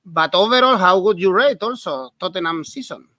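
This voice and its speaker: Chatty, playful male host, Spanish native, high bright voice, dry close recording. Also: lively intonation, no room sound. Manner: chatty, playful, slightly halting English. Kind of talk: casual sports betting chat.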